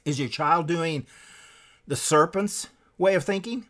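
Guy preaching hard, kinda high voice, gets loud then drops low, reads quotes out. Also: a little slow. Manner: emphatic, with sharp swings in pitch and loudness; reads quotes aloud from a book. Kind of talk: impassioned sermon-style lecture.

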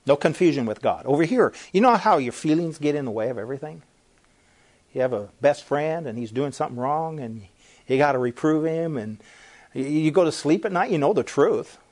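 A man's voice: a little high, animated, brisk, a little mellow. A man preaching an emphatic sermon-style talk, firing rhetorical questions and repeating phrases as he presses each point.

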